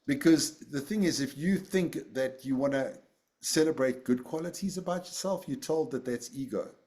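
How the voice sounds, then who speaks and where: A man's voice: medium pitch, normal speed, a little mellow. A man leading a casual group session over a video call, rambling and self-deprecating, often repeating his words. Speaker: group facilitator.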